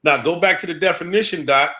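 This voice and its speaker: Male host, bright higher-pitched voice, emphatic, repeats points for viewers. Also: fast talker. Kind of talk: casual live-stream talk.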